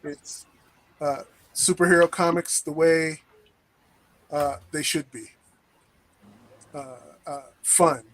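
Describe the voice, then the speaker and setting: A male guest talks about his comic in a casual livestream chat. His delivery is flat and even, sitting a little high for a man. He hesitates constantly and fills the gaps with stumbling fillers. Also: low-quality recording. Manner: hesitant, halting, many uh fillers.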